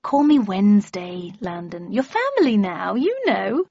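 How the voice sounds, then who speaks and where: A woman's voice: mid-range voice, big pitch swings, measured pace, gravelly, dark tone, husky, no echo, lo-fi sound, heavily acted. A woman voicing a bustling, fussy middle-aged mother who coos and scolds, in a storybook reading. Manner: cooing, scolding, fluttery.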